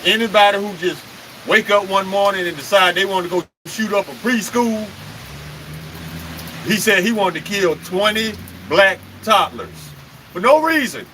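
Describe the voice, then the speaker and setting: A man's voice: high-pitched, animated, normal speed, bright, forceful tone, a little hiss or hum, poor audio. A man preaching on a live stream, emphatic and confrontational, firing off rhetorical questions and cursing.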